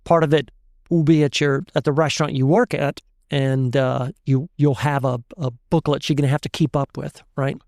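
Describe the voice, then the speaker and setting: A man, a chef and guest, telling an animated story in casual chat and laughing often. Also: mid-range voice, moderate pace, vocal fry, dry recording, clean studio sound. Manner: animated, laughs often, tells stories with voices.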